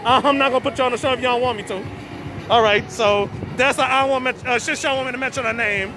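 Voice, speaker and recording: A man's voice: extremely high pitch, steady tone, fast talker, background noise. A man hosts a casual live stream from an outdoor birthday party, chatty and repeating his words as he stammers. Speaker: host of a live stream show. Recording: phone recording outdoors, party music and crowd. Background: music and children at a party.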